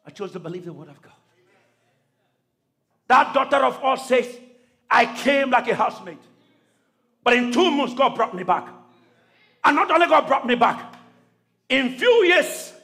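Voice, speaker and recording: A man preaching a shouted call-and-response sermon to a congregation, pausing for replies and breaking into tongues. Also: very high voice. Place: church service with congregation.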